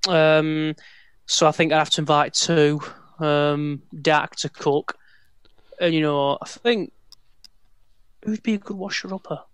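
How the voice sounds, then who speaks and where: A man on a football podcast panel, rambling and relaxed, often repeating himself. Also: a little high, a little slow, pauses often, smooth, no room sound. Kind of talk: casual football podcast chat.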